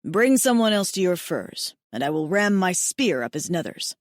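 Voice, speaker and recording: A woman voicing a protective alien barbarian man who speaks low, husky and formal, without contractions. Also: big pitch swings, moderate pace, no room sound, clean studio sound. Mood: tender.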